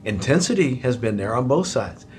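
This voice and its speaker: A middle-aged man, a pastor, talking in an animated way in a conversational Q&A about marriage and joking about his own loudness. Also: medium pitch, moderate pace, slight background noise.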